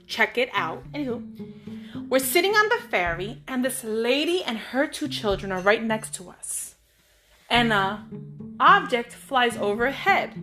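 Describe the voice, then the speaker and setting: A woman with a bright, high voice tells personal stories as host of her own show, chatty and animated. She breaks off for playful asides to her listeners, while soft guitar music plays faintly behind her. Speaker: podcast host. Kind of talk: casual storytelling monologue.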